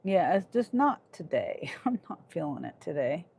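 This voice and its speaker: With a lowish, gravelly and slightly rough voice that is sing-song and a little mellow, a Kansas gig delivery driver talks at normal speed on her livestream. Reading and answering chat, she comes across as short-tempered and lets her sentences trail away.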